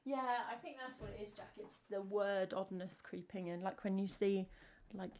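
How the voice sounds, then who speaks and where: A woman's voice: mid-range voice, fairly even intonation, normal speed, darkish tone. Chatty English woman rambling between songs. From England. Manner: rambling, chatty, many "like" fillers. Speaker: singer-songwriter streamer. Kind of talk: casual chat between songs on a live stream.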